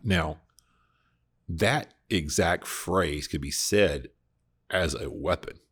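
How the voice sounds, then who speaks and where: This podcast host leads a casual Bible discussion in a low, slow voice that's a bit bright with a breathy edge. He speaks earnestly and reflectively, often restarting his sentences.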